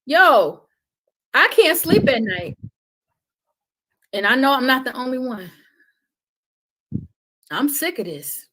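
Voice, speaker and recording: A woman with a somewhat high voice talks with fervent conviction on a podcast, like a preacher. Her delivery swells loud, then drops to a hush. She sounds like a guest on a live stream. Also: sing-song, takes it slowly, long pauses, rough recording. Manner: impassioned, preaching cadence, swings from loud to hushed. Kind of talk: passionate podcast talk.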